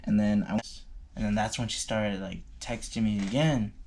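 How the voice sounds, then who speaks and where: A man's voice: fairly low pitch, fairly even intonation, normal speed, darkish tone, slight background noise. A young man telling a personal story in a loose, slangy way, full of fillers and swearing. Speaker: vlogger. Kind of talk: casual storytime.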